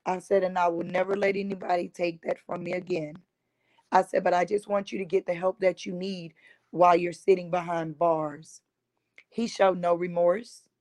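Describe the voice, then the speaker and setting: Woman, forties or older, advocate giving personal testimony; lowish, dry, earnest. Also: little pitch movement, normal speed, a little mellow, no room sound, rough recording. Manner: earnest retelling, quoting others with "I said". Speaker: domestic violence survivor and advocate.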